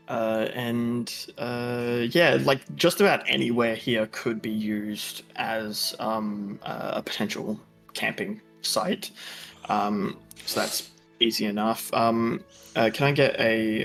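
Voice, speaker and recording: A man narrating a tabletop game as game master, halting and full of filler words. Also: fairly low pitch, vocal fry, fairly bright tone. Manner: halting, full of ums and uhs.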